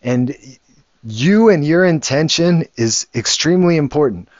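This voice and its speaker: A man's voice: on the high side, expressive, a little slow, a little mellow, no room sound, dull audio. A man, a father, telling a casual story in a rambling way, with many restarts and the odd curse word. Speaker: father and show host.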